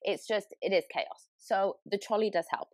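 A woman's voice: medium pitch, moderate pace, a little mellow, dry recording. A woman with a British accent, a podcast host telling a story in casual chat, laughing often. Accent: British English.

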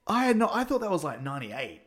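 A man's voice: fairly high pitch, big pitch swings, fairly bright tone. A man co-hosting a casual film-review chat, rambling with many halts and frequent laughs. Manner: rambling, halting, laughs a lot. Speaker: podcast co-host reviewing films.

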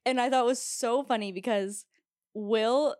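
A woman co-hosting a casual podcast chat, talking fast and laughing often, with some casual swearing. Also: fairly high pitch, a little mellow, no echo, studio quality. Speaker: podcast co-host. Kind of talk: casual chat recapping a reality show.

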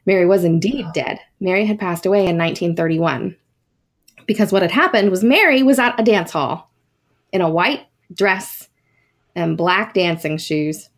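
A woman's voice: lowish voice, moderate pace. A woman hosting a podcast, telling a ghost story in a casual, chatty way with many fillers and asides. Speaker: podcast host.

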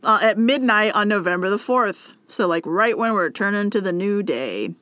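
A woman co-hosting a casual podcast, retelling a history story in an animated way, with lots of "like" and frequent laughter. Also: mid-range voice, normal speed, no room sound. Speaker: podcast co-host recounting history. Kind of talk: casual chat.

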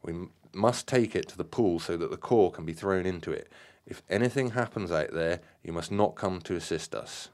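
A man's voice: low voice, moderate pace, hardly any pauses, a little mellow. A man voicing the leader of a spiritual group, giving urgent, firm instructions in a story he reads aloud.

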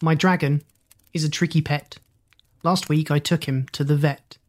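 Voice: mid-range voice, fairly even intonation, moderate pace, darkish tone. A reader reciting rhyming children's poems in a rhythmic storytelling manner with whispered asides.

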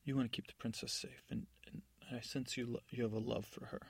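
A man voicing a shrewd, coaxing fairy godmother in a sleep story, asking soft, sly, probing questions. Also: medium pitch, steady tone, fairly quick, vocal fry, slightly rough, no echo. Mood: hushed. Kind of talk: sleep-story narration with character voices.

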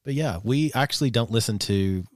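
A man's voice: medium pitch, fairly quick, dry recording, studio quality. Opinionated middle-aged man chatting. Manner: opinionated, swearing, animated when excited. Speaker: podcast co-host. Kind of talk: casual chat.

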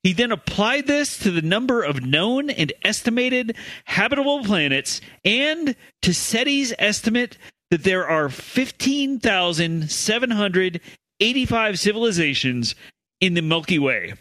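A man's voice: high-pitched, very animated, unhurried, bright, forceful tone, dry recording. A man co-hosting a comedy podcast, reading news stories aloud and laughing at his co-hosts' jokes. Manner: reads stories aloud, laughs often, corrects others. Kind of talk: scripted news reading with banter.

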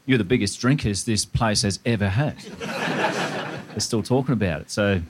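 An Australian man co-hosting a live podcast on a comedy stage, bantering loudly with the audience. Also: lowish voice, moderate pace. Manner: loud, lively banter with the crowd. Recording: live stage mic with crowd noise. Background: audience laughter and crowd noise.

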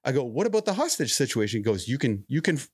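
A man's voice: fast talker, breathy edge, no echo, clean studio sound. A young adult man on a podcast, telling a story in casual chat and acting out the quotes with laughter. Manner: animated, acts out quotes with rising pitch and laughter. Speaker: podcast host.

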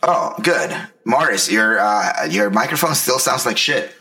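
A man's voice: medium pitch, animated, unhurried, bright, forceful tone, soft background music. A man in his thirties co-hosting a podcast, telling stories in a rambling, profane, casual way full of restarts. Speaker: podcast co-host. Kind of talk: casual chat.

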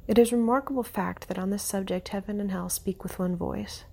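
A woman hosting a show, reading a devotional text aloud in a soft, often half-whispered voice, with brief comments of her own. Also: medium pitch, steady tone, a little fast, vocal fry.

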